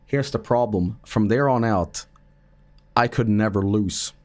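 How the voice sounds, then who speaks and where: A man's voice: lowish voice, measured pace. A man giving casual stream commentary in a profane, jokey and self-mocking way.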